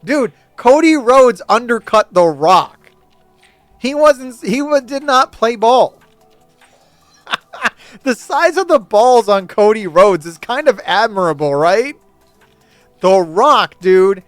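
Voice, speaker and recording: A man with a high, crisp voice talks in a casual, opinionated rant, animated and mocking, laughing as he goes. The recording is dry and close, with faint music underneath. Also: takes it slowly, pauses often, no room sound. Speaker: host.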